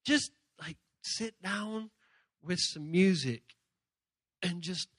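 A man giving an animated youth sermon, telling stories and acting out voices from shrieks to soft murmurs. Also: high-pitched, slow pace, no echo. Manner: animated storytelling, acts out characters in shrieks and murmurs. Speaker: youth speaker.

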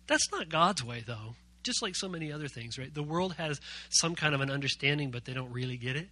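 Youth pastor, male, very bright, high voice; playful, jokey sermon delivery that keeps quizzing the room. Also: sing-song, fairly quick, no echo.

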